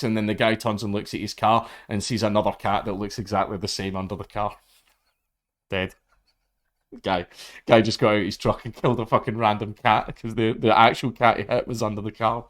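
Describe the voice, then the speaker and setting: A man's voice: on the low side, steady tone, fairly quick. A man giving blunt, profane, casual commentary and retelling a story. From Scotland. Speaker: commentary host.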